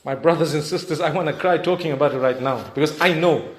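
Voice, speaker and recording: High-voiced male preacher in an echoey hall. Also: quick pace. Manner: conversational and animated, with frequent asides to the audience. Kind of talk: storytelling sermon. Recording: echoey hall, faint background noise.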